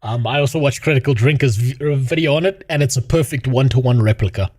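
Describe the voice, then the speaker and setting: A man's voice: medium pitch, fast, a little mellow. A man ranting casually as a gaming streamer, swearing, mocking and laughing often. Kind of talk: casual commentary rant.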